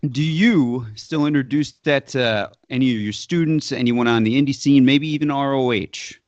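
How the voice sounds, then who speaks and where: A man hosting a casual podcast, telling stories in an animated way. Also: medium pitch, normal speed, dry recording. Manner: animated storyteller. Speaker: podcast host. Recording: dry, dull podcast mic.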